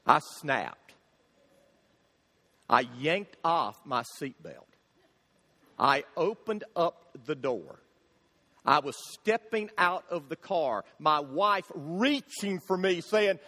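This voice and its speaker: A man preaching a sermon, telling funny stories in an animated way and acting out the shouting in them. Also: high-pitched, takes it slowly. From Florida, USA. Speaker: pastor. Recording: long hall reverb.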